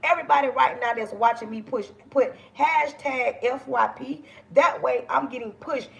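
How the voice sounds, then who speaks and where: Woman, middle-aged, livestream host, gravelly voice, loud, passionate, preachy. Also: fairly high pitch. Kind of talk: casual livestream talk to viewers.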